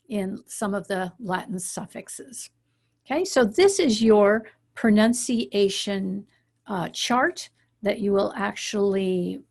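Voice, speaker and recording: A woman's voice: mid-range voice, a little mellow. A woman teaching an online Latin class, explaining patiently with frequent okays and ums. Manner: explanatory, uses frequent fillers like okay and um.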